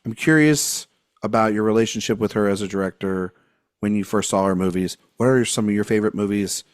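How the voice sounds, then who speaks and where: A man's voice: fairly low pitch, fairly quick, smooth, no echo, clean studio sound. A man hosting a podcast in casual, joking chat, rambling and laughing often. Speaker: podcast host.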